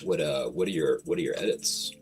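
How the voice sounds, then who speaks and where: A man with a low, deep voice talks casually on a livestream, rambling from one thought to the next. His speech is slangy and full of swearing. Soft guitar music plays quietly in the background. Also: a little fast. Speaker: streamer.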